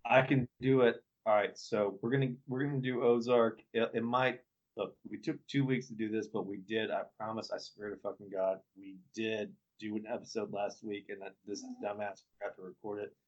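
A man's voice: lowish voice, steady tone, normal speed. A man co-hosting a podcast in casual chat, loose and profane, rambling with restarts. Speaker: podcast co-host. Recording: dull lo-fi podcast audio.

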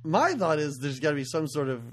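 A man's voice: fairly high pitch, big pitch swings, fairly quick. A man co-hosting a podcast, casually recapping a horror film and laughing often. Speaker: podcast co-host. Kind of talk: casual movie recap chat.

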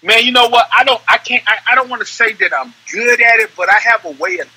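A young adult man co-hosting a podcast in casual chat, animated and rambling, repeating words as he talks. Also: extremely high pitch, fast, breathy edge, low-quality recording. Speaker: podcast co-host.

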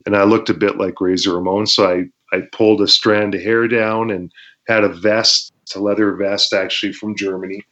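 A man's voice: on the low side, little pitch movement, normal speed, fairly bright tone. A man from Canada, a former wrestler and guest, telling stories in a laid-back way, laughing often and acting out quotes. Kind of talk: casual storytelling interview. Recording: dull lo-fi podcast audio.

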